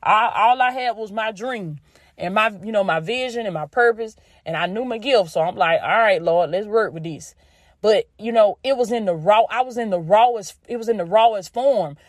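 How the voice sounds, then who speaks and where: A woman's voice: medium pitch, normal speed, no echo, clean studio sound. A woman with a Southern US accent, hosting a podcast and giving a faith-based motivational talk in a folksy, down-home way, repeating phrases for emphasis. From Southern United States. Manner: folksy and down-home, addresses listeners as "baby" and "y'all". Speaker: podcast host.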